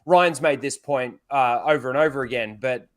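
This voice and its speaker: A man with a mid-range voice joins a podcast as a guest. He talks in a halting way, restarting his sentences and swearing casually. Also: medium pitch. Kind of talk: casual chat.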